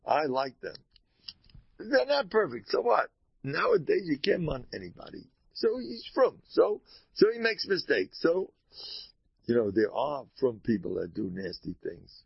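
A man giving an informal Torah talk as a rabbi, animated, moving between soft asides and loud exclamations. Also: on the high side, unhurried, creaky, slightly rough, no room sound, muffled recording.

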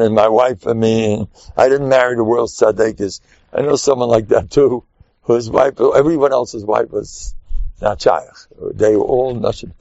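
A man's voice: mid-range voice, gravelly, no echo. An older man, giving a rambling sermon. He acts out quotes and chuckles between points. The recording is dry and a little muffled. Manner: animated storyteller, acts out quotes, chuckles often. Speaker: rabbi giving a talk. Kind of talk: informal sermon with stories.

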